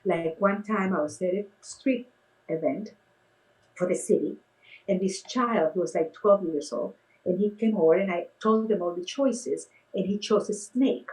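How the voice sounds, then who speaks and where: A woman's voice: mid-range voice, moderate pace, low-quality recording. A middle-aged woman, a face painter and clown, telling stories in casual conversation and acting out the quotes in a raised voice. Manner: animated, acts out quotes in a raised voice. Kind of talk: casual storytelling.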